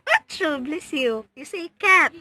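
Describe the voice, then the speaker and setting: A young woman with a Filipino accent speaks in a high, bright voice, slow and patient, repeating simple prompts as she teaches a small child at home. Her delivery is unhurried and clear. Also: expressive, slight background noise. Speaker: early childhood educator. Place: home, just woken up.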